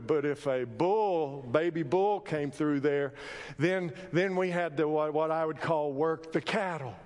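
Folksy high-voiced preacher man. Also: in a large hall. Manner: folksy, animated storytelling with sudden loud emphasis. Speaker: pastor. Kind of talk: sermon with personal storytelling. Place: church sanctuary.

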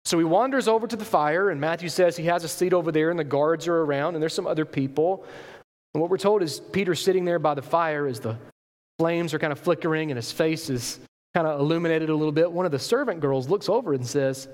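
A man's voice: on the high side, fast. A man preaching a sermon, retelling a Bible story and acting out its characters in their own voices. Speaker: pastor. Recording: long hall reverb.

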